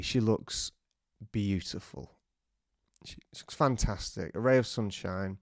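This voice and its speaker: A man co-hosting a podcast, telling a lively anecdote, acting out quotes and laughing often. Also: fairly low pitch, takes it slowly, no room sound, clean studio sound. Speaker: podcast co-host. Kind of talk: casual storytelling chat.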